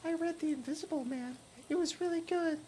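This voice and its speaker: A man voicing a listless, absent-minded young woman hitchhiker in a high, soft, distant falsetto. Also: a little fast, a little hiss or hum.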